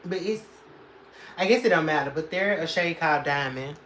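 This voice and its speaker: A talkative woman streams herself doing makeup and answers viewers' comments, calling them girl. Her voice sits on the lower side, and a soft ambient hum runs underneath. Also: moderate pace. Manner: laughs often. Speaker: makeup livestreamer. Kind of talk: casual livestream chat.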